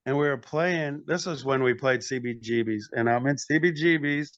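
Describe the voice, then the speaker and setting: A man's voice: mid-range voice, moderate pace, a bit bright, dry recording, muffled recording. An older man, a metal band frontman and podcast guest, telling long rambling stories in casual chat, often acting out what others said. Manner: rambling anecdotes with acted quotes and restarts.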